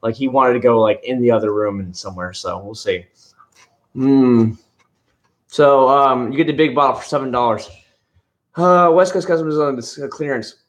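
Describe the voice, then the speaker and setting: A man with a medium-pitched voice hosts a casual late-night livestream reviewing car-care products, answering viewers in a rambling, plainspoken way with halting restarts. He's in a home room with a young child nearby, and the echoey recording carries background noise and occasional crying from the child.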